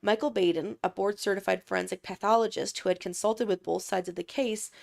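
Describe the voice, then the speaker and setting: A woman's voice: mid-range voice, steady tone, a little fast, creaky, a little mellow. A woman co-hosting a podcast, steadily reading a true crime script with self-conscious asides. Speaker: podcast co-host.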